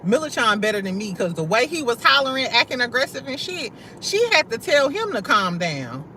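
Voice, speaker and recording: A young woman from St. Louis chats live with her viewers in a bright, forceful voice that sits a bit high. She talks loose and slangy, swears freely and breaks into laughter often, with faint traffic in the background. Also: very animated, brisk. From St. Louis, USA. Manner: loud, laughs often, slangy and profane, talks straight to chat. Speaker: livestream host. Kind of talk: casual livestream chat with viewers.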